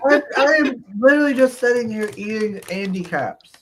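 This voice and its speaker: Animated, higher-voiced male host. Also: brisk, slight background noise. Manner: playful, mock-indignant, laughs often. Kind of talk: casual livestream chat, reading viewer comments.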